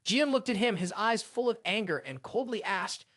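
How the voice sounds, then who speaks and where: High, expressive male story narrator. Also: normal speed.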